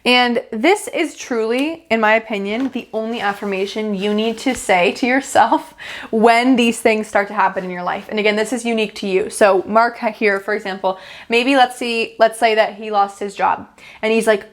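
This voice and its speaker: A woman coaching her viewers on manifestation, explaining a simple drawing as she goes. Her voice sits on the higher side, and her delivery is chatty, upbeat and full of casual fillers. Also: normal speed.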